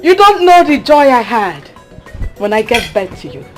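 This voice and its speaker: A woman's voice: a little high, normal speed, faint music behind. An actress with a Nigerian accent playing a doting, teasing village mother in a Nollywood film. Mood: storytelling. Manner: animated, teasing, full of pride.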